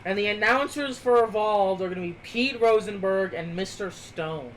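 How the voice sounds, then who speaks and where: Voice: mid-range voice, normal speed, slight background noise, rough recording. A streamer co-hosting a live show, chatting casually with blunt, sarcastic remarks and offhand swearing. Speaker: streamer co-host.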